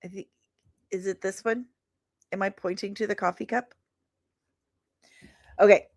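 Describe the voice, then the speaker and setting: A woman's voice: mid-range voice, steady tone, measured pace, a little mellow. A woman hosting a casual live stream, chatting to viewers and reading aloud from a post. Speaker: host.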